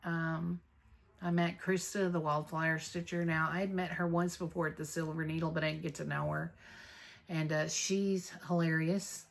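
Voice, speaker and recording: A woman's voice: sits low, flat delivery, normal speed, vocal fry. A woman, chatting casually to camera in a stitching vlog, rambling through her news. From North Texas. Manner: chatty, rambling, warm about friends, with fillers. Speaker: Flosstube vlogger.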